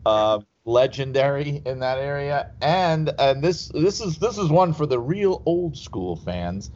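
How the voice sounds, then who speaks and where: A man's voice: medium pitch, animated, unhurried, few pauses, a little mellow. Man rambling through wrestling-style anecdotes, lo-fi. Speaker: podcast guest. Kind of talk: casual storytelling chat. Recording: slightly dull lo-fi sound.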